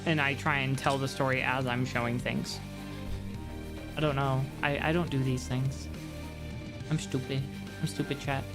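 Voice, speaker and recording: A woman's voice: extremely low pitch, fairly even intonation, moderate pace, over music. A woman streamer chatting casually with her live audience, rambling and talking straight to her chat. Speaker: VTuber streamer.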